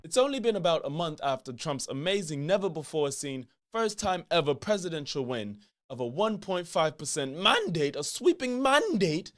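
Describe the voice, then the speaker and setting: A man putting on a shaky British accent to play a smug, bombastic pro-Trump TV host who talks over his guest in a parody sketch. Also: a little high. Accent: attempted British.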